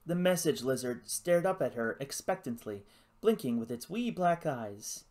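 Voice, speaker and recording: Storybook narrator, expressive and animated in pitch, reading adventure prose. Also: normal speed. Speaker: audiobook narrator. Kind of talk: scripted narration.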